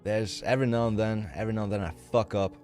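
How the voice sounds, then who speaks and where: A man's voice: lowish voice, steady tone, fast talker, darkish tone, faint music behind. A man from Germany with a German accent, chatting casually with viewers on a livestream in a rambling, frank and profane way.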